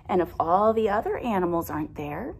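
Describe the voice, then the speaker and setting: A woman reading a picture book aloud to a young child, gently asking questions along the way. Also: lowish voice, animated, fairly quick, gravelly, breathy edge. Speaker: storyteller for children.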